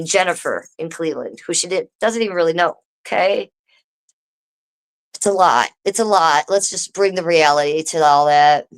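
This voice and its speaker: A woman live streaming from home, talking straight to her viewers in a casual, swearing rant. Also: on the low side. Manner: swearing, animated, talks to viewers directly.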